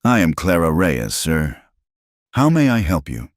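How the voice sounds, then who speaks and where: A man's voice: low-pitched, very animated, measured pace, no echo, clean studio sound. A man voicing a proud, determined frontier woman who speaks firmly and defiantly in a storybook tale. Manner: firm, defiant.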